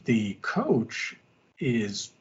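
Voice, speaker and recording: A husky man talks casually as a podcast co-host, walking through a story with lively little character voices along the way. His tone sits at a middling pitch. The audio is dull and lo-fi. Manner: animated storyteller, quick asides in character voices. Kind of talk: casual chat.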